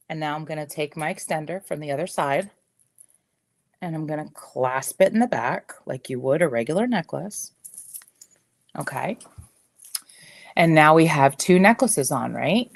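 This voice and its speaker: A woman's voice: on the low side, no room sound. A middle-aged woman hosting a live jewelry stream from her desk, chatting with viewers in the comments as she demonstrates. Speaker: jewelry seller hosting a livestream. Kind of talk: live shopping stream demo. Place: home desk.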